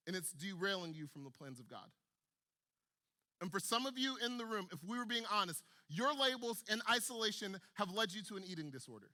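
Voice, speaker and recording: Young male preacher, high bright voice, emphatic repetitive student sermon. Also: animated, fairly quick. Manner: emphatic, repetitive, building intensity.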